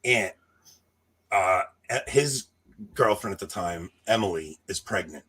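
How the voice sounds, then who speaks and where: A man in his thirties telling a long personal story in casual chat, animated and laughing, acting out what people said. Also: low-pitched, takes it slowly, breathy edge. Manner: animated, laughing, acts out quotes. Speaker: podcast co-host telling a story.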